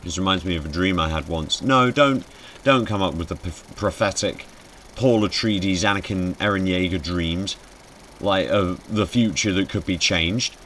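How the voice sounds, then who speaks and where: Deep-voiced sweary man streaming a game. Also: fairly even intonation, moderate pace, fairly bright tone, a little hiss or hum. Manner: sweary, sarcastic, easily startled. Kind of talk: casual gameplay commentary.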